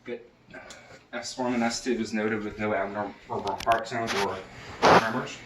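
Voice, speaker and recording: A man's voice: on the low side, fairly even intonation, normal speed, noisy background. A man demonstrating a head-to-toe health assessment, talking through each step with many fillers and restarts. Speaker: nursing student. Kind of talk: narrated clinical skills demonstration. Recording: roomy sound from a distant mic.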